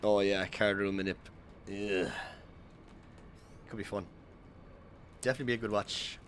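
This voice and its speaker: Recorded with a little hiss or hum, a man with a fairly low, steady, fairly bright voice talks fast while streaming a speedrun. Between instructions he chats with viewers, casually explaining each move as he goes in his live commentary.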